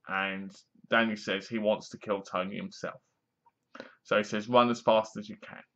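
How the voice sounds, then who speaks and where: A man's voice: fairly low pitch, fairly bright tone. A man giving a casual, rambling movie review in a frank way, sometimes stumbling over words. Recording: slightly dull lo-fi recording.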